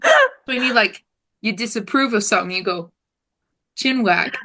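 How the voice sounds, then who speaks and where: A woman's voice: a little high, wildly swooping pitch, a little fast, sharp tone. A woman on a casual trivia podcast, eagerly throwing out guesses. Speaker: panelist. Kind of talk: casual chat.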